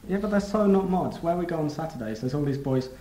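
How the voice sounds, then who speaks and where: Young man, rapid casual talker; echoey room. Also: fairly high pitch, animated, warm tone. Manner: quick and offhand, trailing off. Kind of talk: casual chat. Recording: roomy room echo.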